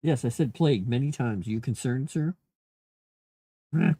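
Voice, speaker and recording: A man's voice: mid-range voice, animated, normal speed, dark tone, slightly rough, dry recording. A man, an author, chatting casually with his viewers on a live stream and cooing at his cat between thoughts.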